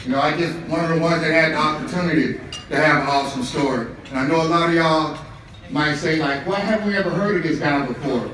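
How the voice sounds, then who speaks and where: A man's voice: a little high, quick pace. An American man giving a humorous speech as a motivational speaker. He tells stories with plenty of jokes and often laughs. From United States. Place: event hall with a live audience. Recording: echoey hall, noisy.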